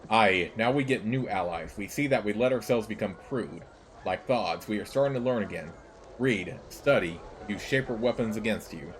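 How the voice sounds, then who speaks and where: A man voicing an old, bitter female servile rebel leader, speaking slowly in halting, broken phrases. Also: on the low side, expressive, slight background noise, close to an everyday voice. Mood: defiant.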